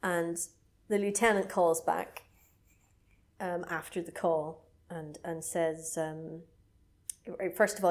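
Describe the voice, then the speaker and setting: A woman recapping a film in casual chat, animated, often acting out characters' lines in silly voices. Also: on the low side, slow, pauses often. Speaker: podcast co-host recapping a film.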